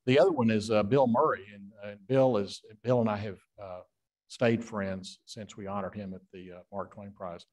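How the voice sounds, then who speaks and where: A man, a guest author, telling rambling stage anecdotes with frequent filler pauses. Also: on the low side, steady tone, darkish tone.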